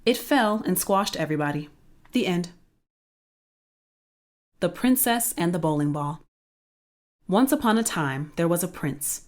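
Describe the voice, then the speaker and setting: A woman reads a children's storybook aloud with a playful, expressive touch. Her voice sits on the lower side for a woman, yet it rises and falls in lively, animated swings. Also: unhurried, pauses often. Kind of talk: reading a children's book aloud.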